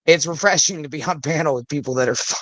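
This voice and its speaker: A man's voice: fairly high pitch, quick pace, a bit bright, no room sound. A man joining a live show as a guest, chatting in a laid-back way and swearing freely. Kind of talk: casual chat.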